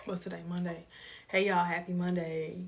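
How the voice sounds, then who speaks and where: A woman's voice: lowish voice, flat delivery, moderate pace, creaky, very noisy. A woman hosting a casual live stream, greeting viewers one by one and sharing motivational thoughts in a tired, laid-back way. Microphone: phone.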